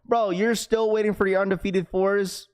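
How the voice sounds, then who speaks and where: A man hosts a casual livestream with a fairly high-pitched voice. He chats loosely and laughs often as he works through shout-outs for donations. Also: little pitch movement, normal speed, clean tone. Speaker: livestream host.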